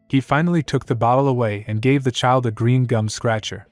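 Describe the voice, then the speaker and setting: A man reading a fan-fiction story aloud in a plain, steady narrating voice. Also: medium pitch, fairly quick, hardly any pauses, dry recording, faint music behind.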